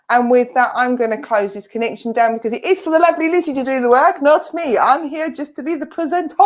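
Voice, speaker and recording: A woman's voice: medium pitch, darkish tone. A woman with an Essex accent, presenting and giving a chatty, reassuring mediumship reading. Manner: chatty, reassuring, speaks for a spirit in asides.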